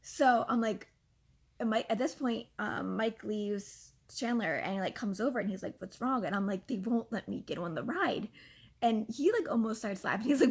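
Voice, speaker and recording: A woman in her thirties casually telling a story from her own life, animated and exasperated, with lots of fillers. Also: fairly high pitch, moderate pace, slightly rough. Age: 30s. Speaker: vlogger.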